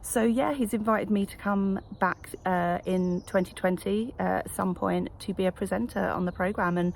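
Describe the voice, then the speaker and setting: Woman coach vlogging, low creaky voice, lots of ums, bit of hiss behind. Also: steady tone, moderate pace. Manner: chatty, reflective, many fillers. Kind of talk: casual vlog to camera. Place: wellness retreat.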